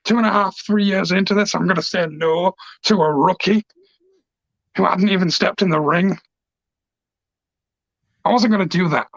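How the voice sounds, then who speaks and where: A man's voice: high voice, normal speed, vocal fry, long pauses, fairly bright tone, no room sound. A man, a pro wrestler cutting an emotional, passionate, rambling promo. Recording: dull lo-fi dry recording.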